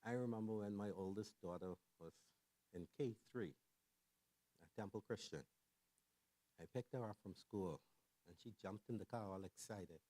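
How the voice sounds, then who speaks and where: Animated middle-aged male church speaker. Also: lowish voice, normal speed, long pauses. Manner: animated storyteller who acts out quoted voices; conversational, keeps checking in with the audience. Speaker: church speaker on family and mental health. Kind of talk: lively sermon-style talk to a congregation.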